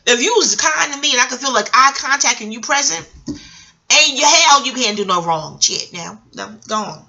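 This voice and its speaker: A middle-aged woman rants in a casual vlog, her voice bright and fairly high. She rambles from point to point, swears freely, and swings between loud outbursts and quiet asides. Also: lively intonation, moderate pace. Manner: rambling, scattered and profane. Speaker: vlogger. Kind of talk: casual rant commentary.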